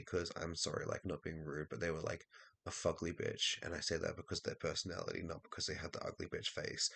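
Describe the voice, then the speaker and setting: A man talking in a rambling casual monologue, swearing a lot and filling pauses with "um". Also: a bass voice, gravelly, a bit bright, husky. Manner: rambling, heavy swearing, many fillers.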